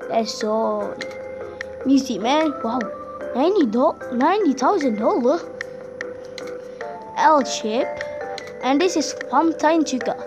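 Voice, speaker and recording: A woman hosting a gaming video, commenting in a halting, simple way, easily spooked and often calling out to her viewers. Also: sits high, lively intonation. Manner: halting, simple phrasing, often calls out to "guys". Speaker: gaming channel host. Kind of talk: let's-play commentary. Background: game music.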